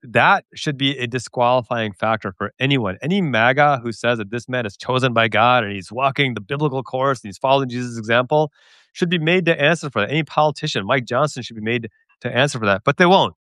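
Indignant man with a smooth voice. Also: medium pitch, quick pace, a bit bright, no echo, studio quality. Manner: emphatic, indignant. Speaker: podcast host. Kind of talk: political discussion.

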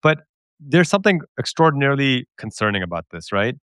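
A man's voice: medium pitch, sing-song, a little fast, a bit bright, clear, resonant tone, no room sound, studio quality. A man hosting a political talk show, speaking emphatically and with indignation. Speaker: podcast host. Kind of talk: political discussion.

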